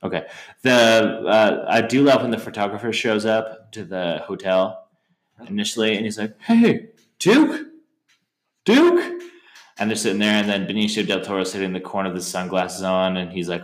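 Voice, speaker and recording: A man co-hosting a film podcast, chatting casually and haltingly, often breaking into high-pitched impressions of movie lines. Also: steady tone, echoey room. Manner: rambling, hesitant, acts out movie lines in high voices. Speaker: podcast co-host.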